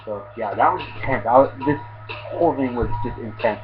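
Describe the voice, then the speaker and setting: A man's voice: medium pitch, a little fast. A man casually recapping an anime episode in rambling, slangy talk, full of fillers and restarts. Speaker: anime reviewer. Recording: dull lo-fi with loud music behind. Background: loud background music.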